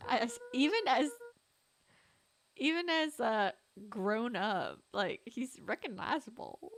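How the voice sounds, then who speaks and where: A woman's voice: a little high, animated, takes it slowly, faint music behind. A woman streamer giving casual, joking gameplay commentary, swearing now and then.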